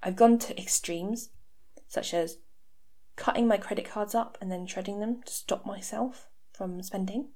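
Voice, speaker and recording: A thirtysomething podcast host with a darkish, medium-pitched voice speaks at a measured pace into a home mic. She's open about her own life and adds wry, sarcastic side remarks.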